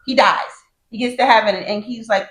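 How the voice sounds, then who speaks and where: A woman's voice: on the high side, a little fast, a bit bright, roomy sound, low-quality recording. A woman co-hosting a casual podcast, telling stories and acting out quotes. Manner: chatty storyteller, acts out quotes. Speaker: podcast co-host.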